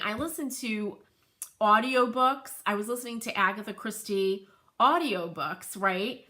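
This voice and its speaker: A bright, forceful woman with a New England twang hosts a livestream show and tell. She gushes, laughs often and talks straight to her viewers. Her voice sits a little high and is middle-aged in tone. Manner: gushing, excitable, laughs often. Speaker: host of a furniture painting livestream.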